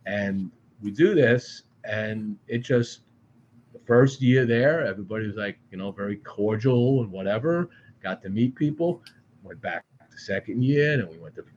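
A man from the Boston area, a podcast guest telling a long story in an animated, profane way with frequent restarts. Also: fairly low pitch, normal speed, dull audio, a little hiss or hum. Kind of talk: casual storytelling. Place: studio.

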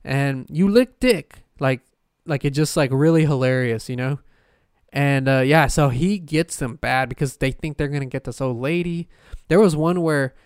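A man's voice: on the high side, smooth, no room sound, clean studio sound. A man hosting a casual solo podcast, rambling with lots of fillers, restarts and swearing. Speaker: podcast host.

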